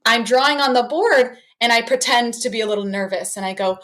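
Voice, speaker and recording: A woman's voice: fairly high pitch, a little fast, hardly any pauses, fairly bright tone. A woman who teaches art, a guest in a casual podcast interview, talking expressively and slipping into classroom voices as she explains.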